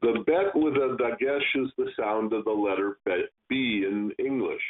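A man teaching Kabbalah, giving a slow, stern lesson on pronouncing Hebrew letters and stretching words to demonstrate. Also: mid-range voice, a little hiss or hum. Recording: tinny phone-like sound.

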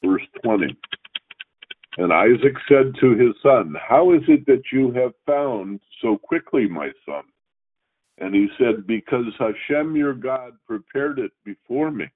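Male Torah teacher, measured reading with teaching asides, tinny radio broadcast. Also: medium pitch, lively intonation. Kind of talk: scripture reading with commentary.

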